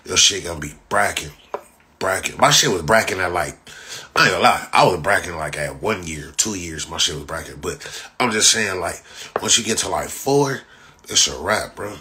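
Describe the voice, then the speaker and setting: This young Inglewood man in Los Angeles hosts a livestream, ranting in a casual, profane, boastful, repetitive way and laughing often. He speaks at normal speed in a low, lively, bright and forceful voice, with slight background noise.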